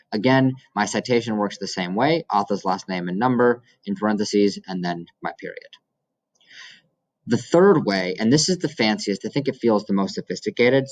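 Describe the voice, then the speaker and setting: A man's voice: on the low side, rough recording. A male teacher explaining how to quote and cite in essays, walking through examples step by step. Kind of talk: recorded classroom lesson.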